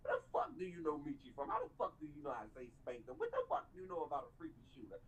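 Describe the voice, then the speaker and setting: A young man ranting on a livestream, mocking and heated, repeating "bro" over and over and climbing into near-shouted outbursts. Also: a little high, huge pitch swings, racing, few pauses. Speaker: streamer reacting to a video. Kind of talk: ranting live commentary.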